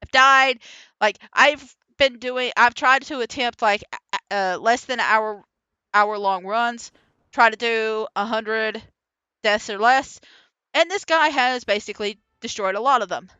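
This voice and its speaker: A woman streamer talks over her gameplay in a rambling, excitable way and breaks into laughter often. Her voice is high and bright, with a smooth, crisp tone. It is recorded close and dry. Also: measured pace, no room sound, dull audio. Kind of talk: casual gameplay commentary. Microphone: voiceover recorded after the stream.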